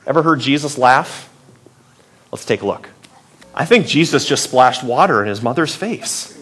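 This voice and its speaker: A man's voice: medium pitch, animated, normal speed, pauses often, a bit bright, husky. A man preaching a sermon in a playful, conversational way, asking the listeners many rhetorical questions. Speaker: pastor.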